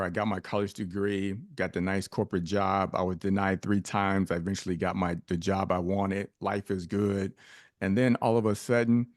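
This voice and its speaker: A man's voice: fairly low pitch, dry recording, studio quality. A middle-aged man, a podcast guest, telling a personal story emphatically with rhetorical questions.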